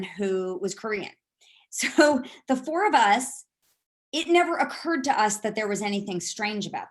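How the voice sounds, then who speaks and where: Middle-aged woman on a video call, rambling answers full of ums and restarts. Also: medium pitch. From San Francisco, USA. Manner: rambling, with many fillers and restarts. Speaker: board candidate. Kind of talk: casual answers in a video meeting.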